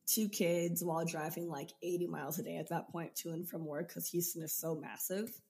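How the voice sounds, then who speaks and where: Low-pitched young woman telling her story. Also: fairly quick, slight background noise. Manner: lively, laughs often while telling her story. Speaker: podcast guest, business coach. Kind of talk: casual storytelling interview.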